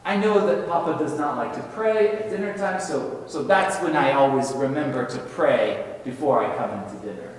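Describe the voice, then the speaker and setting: A man voicing a pious boy who answers his mother softly, close to his own voice. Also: fairly high pitch, moderate pace, few pauses, natural voice. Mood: earnest. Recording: echoey hall, mic far off.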